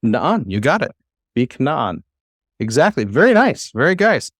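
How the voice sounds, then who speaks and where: A man's voice: medium pitch, sing-song, unhurried, a bit bright, dry recording. Man, class teacher, patient explainer, encouraging, dry close sound. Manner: explains patiently, coaxes students to read. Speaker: Hebrew teacher.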